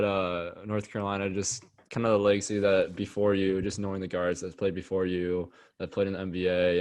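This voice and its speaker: A young man with a fairly low voice co-hosts a casual podcast. He talks in a relaxed, slangy way and is quick to laugh. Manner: easygoing, breaks into laughter, slangy. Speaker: podcast co-host.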